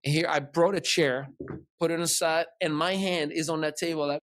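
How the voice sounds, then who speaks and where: A man's voice: a little high, moderate pace, dry recording, studio quality. A man hosting a podcast, casually telling a long story and acting out the voices of the people in it. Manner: animated, acts out dialogue in his retelling. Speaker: podcast host.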